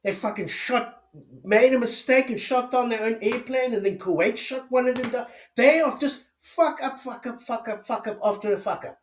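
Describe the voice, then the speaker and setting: A man's voice: extremely high pitch, normal speed. Furious, foul-mouthed man ranting in a roomy space. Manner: furious, heavy swearing; sarcastic rhetorical questions. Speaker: political commentator. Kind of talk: angry political rant. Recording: roomy echo.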